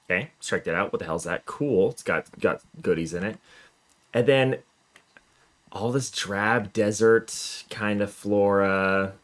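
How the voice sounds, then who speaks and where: A man's voice: fairly low pitch, fairly bright tone. A male gaming streamer chatting casually through a let's play, self-mocking and upbeat.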